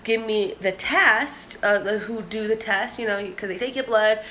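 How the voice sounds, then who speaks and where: A woman's voice: medium pitch, moderate pace, a bit bright, a little hiss or hum. A young woman in a casual vlog, chatting candidly and rambling to the camera. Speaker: vlogger.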